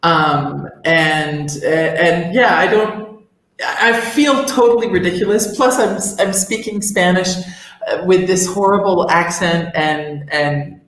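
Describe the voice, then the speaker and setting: Slow-talking woman co-host in echoey room. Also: lowish voice, a bit bright. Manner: rambling, many restarts and fillers. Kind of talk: casual chat.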